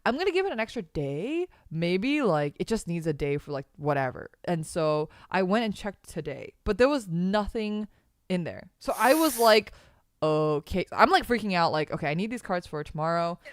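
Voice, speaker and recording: A woman's voice: on the low side, big pitch swings, normal speed, clean tone, no room sound. A woman hosting a casual podcast, telling a rambling story with lots of fillers and laughs. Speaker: podcast host. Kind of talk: casual chat on a streamed podcast.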